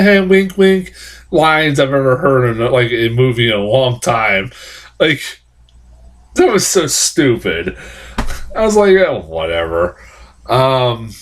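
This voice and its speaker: A man rambles through a casual film review, stumbling over restarts and dropping swear words. His pitch leaps around a lot as he slips into sarcastic reactions, though it sits at an ordinary middle height. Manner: rambling, profane, lots of restarts; animated, jumps into sarcastic reactions.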